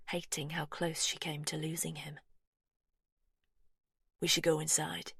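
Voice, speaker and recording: A woman reading a story aloud as an audiobook narrator, hushed and measured. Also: low voice, dry recording, studio quality.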